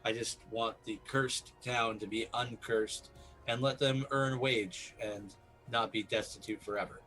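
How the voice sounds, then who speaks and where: A man's voice: lowish voice, fairly even intonation, a little slow, a bit bright, soft background music, poor audio. A man playing a tabletop game, talking in an easygoing, earnest way. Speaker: player. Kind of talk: casual tabletop play.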